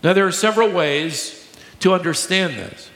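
Higher-voiced male pastor in an echoey hall. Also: a bit bright. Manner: emphatic teaching, slows to stress key words, joking with the congregation. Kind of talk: sermon. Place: large church hall with a live congregation. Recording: echoey hall, long reverb.

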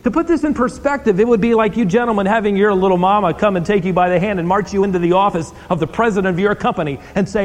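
Pastor guy preaching, pretty high voice, lively storytelling, long echo in the sanctuary. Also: fast talker, few pauses. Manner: storytelling, animated, rhetorical questions. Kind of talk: sermon. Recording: long hall reverb.

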